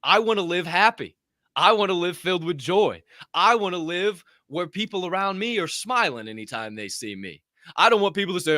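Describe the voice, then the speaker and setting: A man co-hosting a podcast, telling stories in a brash, profane, animated way in a casual motivational chat. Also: high voice, a little fast, no echo, clean studio sound. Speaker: podcast co-host.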